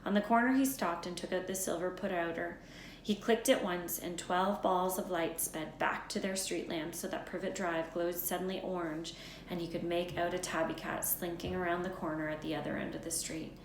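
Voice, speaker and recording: Woman teacher, read-aloud storybook narration, unhurried, lowish voice, roomy echo, faint hum behind. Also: steady tone.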